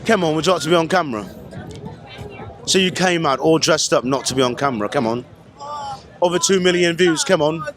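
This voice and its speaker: A man's voice: fairly high pitch, fairly bright tone. A man from Brooklyn who speaks in a put-on London accent, interviewing people at an outdoor city festival with slangy, chummy banter. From Brooklyn, New York. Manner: slangy, fast, chummy, peppered with bruv and innit. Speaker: street interviewer. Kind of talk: casual street interview.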